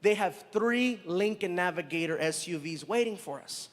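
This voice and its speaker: A man doing stand-up, telling a story in a lively, conversational way and acting out the scenes. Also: high voice, moderate pace. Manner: animated, conversational, acts out scenes. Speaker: stand-up comedian. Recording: live stand-up in a hall with reverb.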